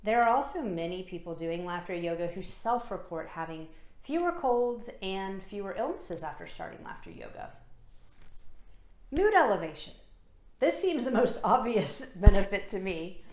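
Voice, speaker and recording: A woman who leads laughter yoga, explaining its benefits and guiding listeners through breathing and clapping exercises in a calm, encouraging way. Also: mid-range voice, normal speed, echoey room. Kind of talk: instructional talk with guided exercises.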